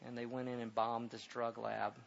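Gravelly middle-aged male preacher, lo-fi. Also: medium pitch, flat delivery. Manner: halting, repeats words, grows loud and emphatic when preaching. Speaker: pastor. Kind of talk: sermon with personal story. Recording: dull lo-fi recording with faint hiss.

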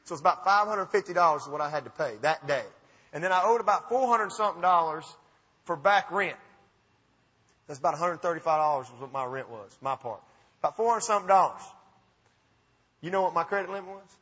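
Southern storyteller, Alabama accent, high husky voice, dull hall sound, folksy and animated. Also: male voice, a little fast. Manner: folksy, animated, self-mocking. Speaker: speaker. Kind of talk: storytelling talk to an audience. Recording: dull recording with long hall reverb.

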